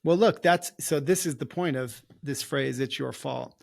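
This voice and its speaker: A man's voice: mid-range voice, moderate pace, creaky. A man hosting a podcast interview, emphatic and encouraging, stressing his key points. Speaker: podcast host and company CEO.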